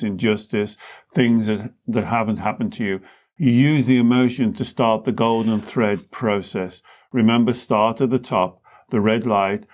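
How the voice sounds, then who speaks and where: A man, the host and therapist, calmly explaining ideas with everyday analogies in a teaching talk. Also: on the low side. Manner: calm explaining, uses analogies.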